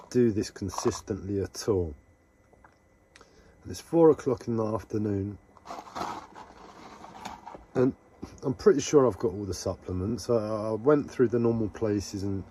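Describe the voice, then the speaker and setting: A man live streaming a rambling, casual monologue to his viewers, halting often and talking to himself. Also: fairly low pitch, mellow, slight background noise. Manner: meandering, halting, talks to himself.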